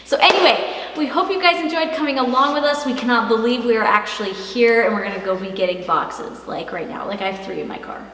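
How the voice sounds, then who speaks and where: A woman in her thirties talks warmly with an upbeat, heartfelt manner. Her voice bounces around an empty room with a long reverb tail. She is some distance from the mic, and faint background hiss sits underneath. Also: fairly high pitch, fast talker, hardly any pauses. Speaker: vlog host. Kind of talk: casual family vlog chat. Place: large empty house, indoors.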